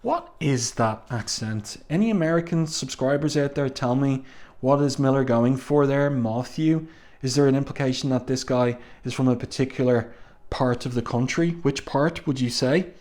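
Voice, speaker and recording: A man casually reviewing a comic book, reading out the panels, pausing often and slowing down for admiring asides. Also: mid-range voice, a little mellow. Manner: halting, with many ums and slow admiring asides.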